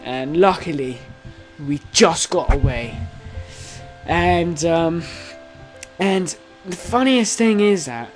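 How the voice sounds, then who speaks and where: A young man in his late teens telling a story to camera in a rambling, excitable way, full of fillers, restarts and swearing. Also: on the high side, slow, faint music behind, poor audio. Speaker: vlogger.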